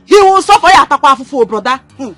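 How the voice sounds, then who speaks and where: An indignant young Nigerian sister fires off complaints in a high, fast, lively voice. She scolds nonstop, her pitch leaping around. Music plays behind her. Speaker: sister learning sewing. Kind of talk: Nollywood film acting.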